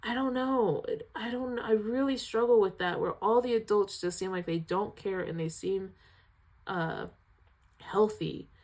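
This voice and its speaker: Female film reviewer, casual and animated, emotional with frequent sighs. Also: medium pitch, unhurried. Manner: emotional, sighing, animated retelling.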